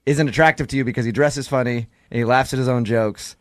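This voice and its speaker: A man's voice: medium pitch, steady tone, quick pace, no room sound. A man co-hosting a morning radio show, joking and laughing often as he quizzes callers. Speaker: radio co-host.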